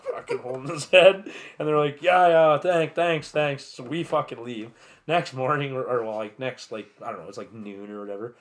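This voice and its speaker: A man's voice: mid-range voice, a bit bright. A man casually telling a rowdy campground story on a podcast, swearing constantly and acting out what everyone said with bursts of laughter. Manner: laid-back, swears constantly, acts out quotes with laughter.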